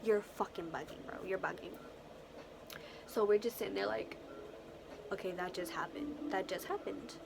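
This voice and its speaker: A young woman vlogger telling a story casually, animated and profane, full of slang and acted-out quotes. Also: medium pitch, moderate pace, creaky, pauses often, background noise.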